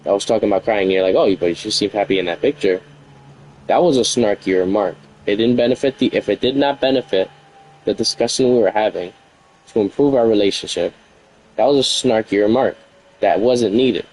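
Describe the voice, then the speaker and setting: A man's voice: fairly low pitch, a little fast, a little mellow, poor audio. A man streaming, venting at length about an argument in an aggrieved, rambling, repetitive way.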